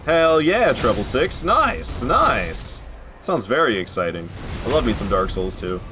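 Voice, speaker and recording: A man's voice: fairly low pitch, big pitch swings, normal speed, noisy background. Chatty man streaming a game at home. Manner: chatty, joking, often laughing and answering chat. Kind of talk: casual live-stream commentary.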